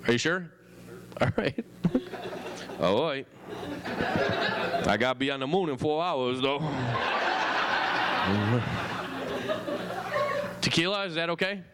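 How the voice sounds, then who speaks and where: A man's voice: medium pitch, lively intonation, takes it slowly, pauses often. A male stand-up comedian teasing the audience with crude banter on a club stage. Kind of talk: crowd work stand-up. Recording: loud laughing crowd and noisy club. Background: audience laughter.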